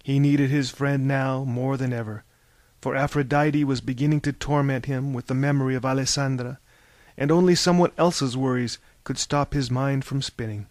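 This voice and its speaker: A man reading a novel aloud as narrator, in measured storytelling that turns theatrical in the dialogue. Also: medium pitch, steady tone, darkish tone, no echo. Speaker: audiobook narrator. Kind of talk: scripted narration.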